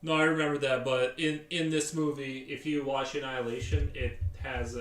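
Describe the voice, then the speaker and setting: A man's voice: mid-range voice, level tone, normal speed, hardly any pauses, fairly bright tone. A man chatting casually on a live stream while he sketches, rambling as he answers viewers' chat. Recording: roomy, distant mic, faint music.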